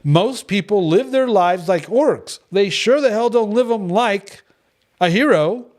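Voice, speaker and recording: Animated, blunt storytelling man. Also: high-pitched, a little slow. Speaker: devotional group leader. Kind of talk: casual teaching talk.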